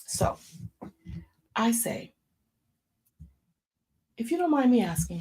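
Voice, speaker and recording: A woman's voice: on the high side, slow pace, slightly rough. A woman in her fifties giving an informal sermon, telling stories and calling her listeners y'all. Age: 50s. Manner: animated storytelling, addresses listeners as y'all. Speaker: church speaker.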